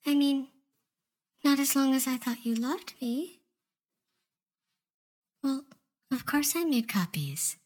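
A woman voicing an obsessive, manipulative young female office intern in an audio role-play monologue, sugary and coy with soft whispered asides. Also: sits high, animated, slow, pauses often, exaggerated voice. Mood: confiding.

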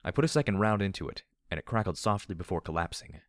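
A man with a very deep, low voice reads first-person fiction aloud. His delivery is measured, in an audiobook style. The recording is dry and close, with no room echo. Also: animated. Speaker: audiobook narrator.

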